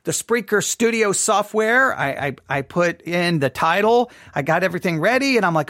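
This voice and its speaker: A man with a fairly high voice tells a rambling, self-deprecating story in casual devotional podcast talk. He sounds chatty and open with his listeners. The studio microphone gives a dry, close sound with no room echo. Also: expressive, moderate pace, fairly bright tone. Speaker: podcast host. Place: home studio.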